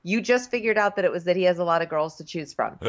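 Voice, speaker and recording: A woman's voice: on the low side, fast, muffled recording. A woman co-hosting a casual chat, sarcastically recapping a reality show and acting out the contestants. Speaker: podcast co-host.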